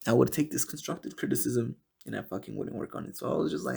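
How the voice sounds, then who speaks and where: A man's voice: on the low side, quick pace, creaky, hardly any pauses, warm tone, husky. A young man hosting his own podcast, rambling in a casual monologue full of swearing and laughing at his own jokes. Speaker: podcast host.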